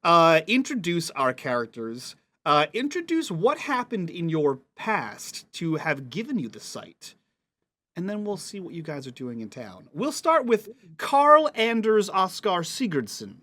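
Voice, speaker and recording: A man narrating a tabletop game as game master in a playful, lively way. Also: high voice, measured pace.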